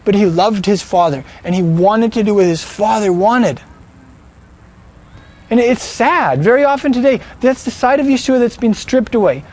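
A man's voice: high voice, lively intonation, normal speed, darkish tone. A man preaching a sermon, emphatic and fond of rhetorical questions.

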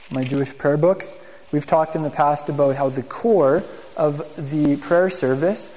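A man teaching a congregation in a casual, animated sermon, asking the room questions as he goes. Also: fairly high pitch, in a large hall, low-quality recording. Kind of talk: conversational sermon.

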